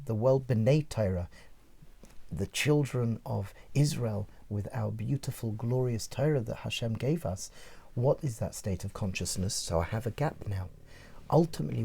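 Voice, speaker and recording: A rabbi with a strong English accent teaching in a podcast discussion, animated and acting out everyday scenes. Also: male voice, mid-range voice, creaky, breathy edge. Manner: animated, acts out scenarios in character voices.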